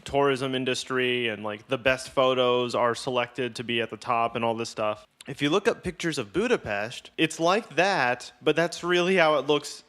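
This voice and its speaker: A man's voice: mid-range voice, moderate pace, few pauses, fairly bright tone. A man hosting a podcast in casual chat, rambling and wry with a lot of swearing. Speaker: podcast host.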